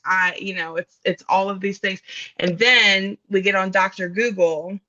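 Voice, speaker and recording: A woman's voice: medium pitch, steady tone, unhurried, pushed and bright, highs cut off. A woman in an earnest, casual conversation about grief, thinking aloud with fillers and restarts. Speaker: guest speaking on grief.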